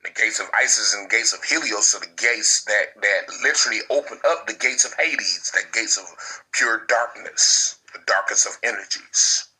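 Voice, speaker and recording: Husky, forceful male preacher. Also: on the low side, normal speed, low-quality recording. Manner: repetitive, incantatory phrasing with crude slang. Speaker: spiritual preacher. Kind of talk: impassioned spiritual preaching.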